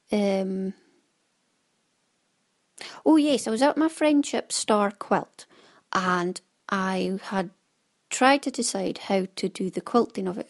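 A woman chats on at an easy, homely pitch, neither high nor low. She rambles from one thought to the next. Her voice often sinks into quiet, breathy asides before it lifts again. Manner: rambling and chatty, often trails into soft asides. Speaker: knitting podcast host. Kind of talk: casual chatty monologue.

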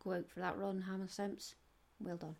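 A woman's voice: on the low side, flat delivery, normal speed, creaky, a little mellow, slight background noise. A middle-aged Scottish woman hosting a knitting podcast, chatty and digressive with giggles. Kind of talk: casual solo podcast chat.

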